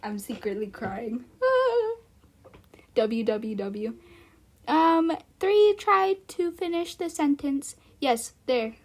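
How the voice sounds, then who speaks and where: Husky, giggly woman streamer. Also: high voice, big pitch swings, extremely slow, long pauses. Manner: giggly, rambling asides. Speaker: streamer reading fan fiction. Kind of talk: casual live-stream story reading.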